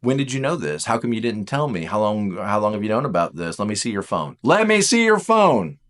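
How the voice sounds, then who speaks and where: A man's voice: on the low side, voice pushed down, close to an everyday voice. A man voicing an anxious, suspicious man who fires off one worried question after another. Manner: rapid-fire worried questions.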